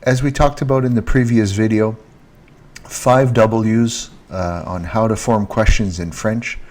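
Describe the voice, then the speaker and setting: A man teaching a casual online French lesson talks slowly, repeating every French word and stressing it more each time. His voice is on the low side, a little mellow, with a steady tone. The audio comes from a handheld mic, monitored on earphones.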